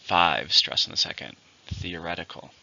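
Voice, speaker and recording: A man teaching English vocabulary in a recorded lesson, with slow, clear, deliberate pronunciation drills. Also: lowish voice, expressive, bright, forceful tone. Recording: dull lo-fi recording.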